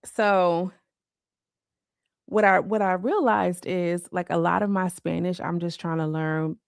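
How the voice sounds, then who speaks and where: A woman's voice: on the low side, steady tone, measured pace, creaky, no echo, studio quality. A woman chatting casually on a live stream from her home, rambling loosely and filling her talk with "like.". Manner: rambling, loose, full of "like" fillers. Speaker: livestreamer.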